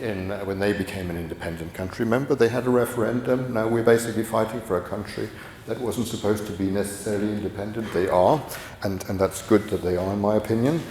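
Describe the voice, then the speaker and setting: Recorded at a distance in an echoey conference hall, a middle-aged man delivers a meandering lecture packed with fillers and false starts. His voice is on the low side and darkish, with a little hiss or hum on the recording.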